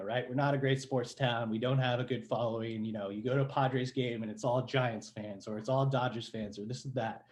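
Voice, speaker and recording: A man from San Diego, a guest on a podcast, talking casually and enthusiastically. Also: medium pitch. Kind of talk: casual interview chat.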